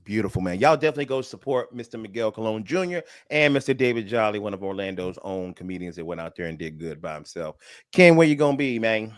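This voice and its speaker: A man hosting a comedic radio talk show, reacting quickly and laughing often with his guests. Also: lowish voice, animated, no room sound, clean studio sound.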